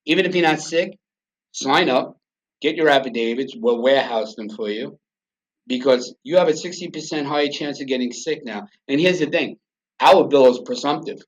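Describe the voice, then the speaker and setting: A man's voice: medium pitch, moderate pace. A middle-aged man from the United States, a podcast guest telling a personal story in a blunt, profane, emotional way. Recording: dull lo-fi sound.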